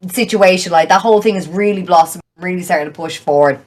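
Blunt, fast-talking Irish woman. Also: on the low side. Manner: fast, blunt storytelling with heavy swearing. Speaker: podcast guest, streamer. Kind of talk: casual chat.

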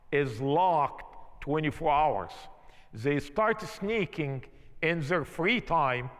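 Egyptian-accented pastor telling his story, high voice, takes it slow, big echoey church. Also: a bit bright. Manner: emphatic storytelling, non-native grammar. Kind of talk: sermon testimony.

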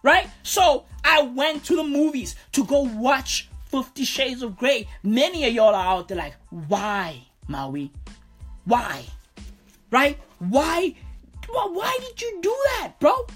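A woman's voice: high voice, lively intonation, measured pace, soft background music. A woman comedian doing a profane, rambling stand-up rant, tossing in "bro" constantly.

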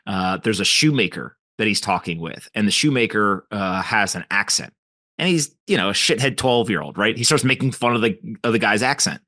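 Here a male podcast host runs an interview in a casual way, tossing out questions and recounting anecdotes padded with fillers. He talks a little fast and sounds animated, his fairly low voice pushed and bright. It's studio-quality audio with no echo.

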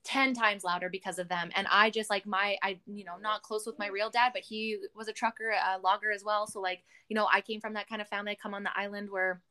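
A woman's voice: mid-range voice, fairly even intonation, fast, few pauses, pushed and bright. A woman from Canada hosting a podcast, chatting candidly and swearing freely. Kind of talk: casual podcast chat.

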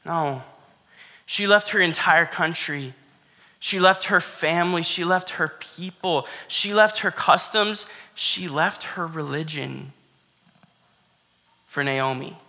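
A man's voice: fairly high pitch, slow pace, pushed and bright. A man giving a casual, earnest sermon, talking conversationally with lots of "like" and "you know". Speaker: pastor. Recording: long hall reverb.

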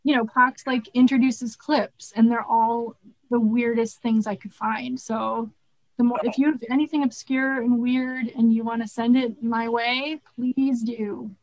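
Woman guest, frank and laughing, slightly high voice, dry close mic. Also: fairly even intonation, measured pace, dry recording, poor audio. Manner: frank, laughing, swears casually. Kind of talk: casual podcast chat.

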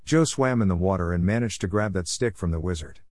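A man's voice: sits low, fairly quick, a little mellow, no room sound, studio quality. A man reading his own story aloud in a plain, earnest way.

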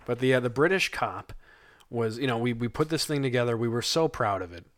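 A man's voice: mid-range voice, expressive, a little fast, dry recording. A young man co-hosting a podcast in casual chat, rambling, laughing often and trailing off mid-thought. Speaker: podcast co-host.

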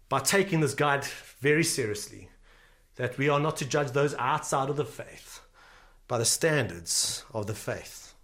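A man's voice: a little high, a bit bright. A male pastor preaching a sermon earnestly, repeating key phrases for emphasis.

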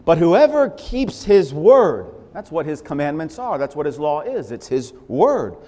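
A man preaching a sermon in an emphatic, animated way, repeating phrases for stress. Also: on the high side, unhurried. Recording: long hall reverb.

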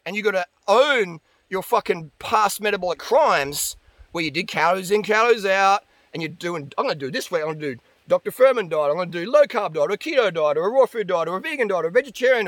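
A man's voice: high voice, fairly bright tone, no echo. A man ranting bluntly and profanely about dieting as a vlogger. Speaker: diet and fitness vlogger. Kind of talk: ranting monologue.

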